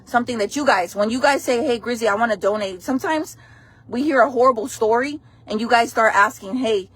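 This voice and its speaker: Sassy high-voiced woman live-streaming. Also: fairly quick, a bit bright, slightly rough. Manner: sassy, blunt, calls viewers "friends" and "baby". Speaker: host of a local gossip news live stream. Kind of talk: casual live-stream chat.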